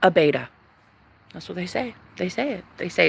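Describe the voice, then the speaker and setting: A woman in her thirties, a vlogger, ranting casually to her viewers, animated and profane, jumping from loud outbursts to whispers. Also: on the low side, normal speed, vocal fry, husky. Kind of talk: casual rant to camera.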